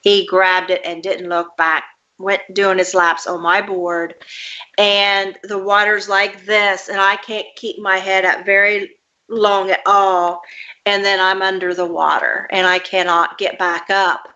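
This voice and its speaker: A woman's voice: medium pitch, level tone, measured pace, bright, forceful tone. A woman guest recounting a personal childhood memory in an earnest, detailed way. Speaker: interview guest, author. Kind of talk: personal storytelling. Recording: dull lo-fi audio.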